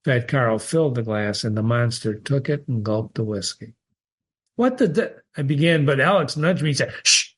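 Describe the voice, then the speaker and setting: Male story reader, middle pitch, expressive, lifts on key words. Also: brisk, hardly any pauses, husky. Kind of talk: reading a short story aloud.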